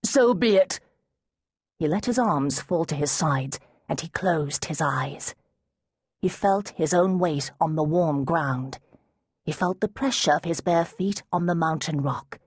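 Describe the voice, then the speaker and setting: Husky woman narrating a fantasy story. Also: low-pitched, unhurried, darkish tone, no room sound, clean studio sound. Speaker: audiobook narrator. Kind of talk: scripted narration.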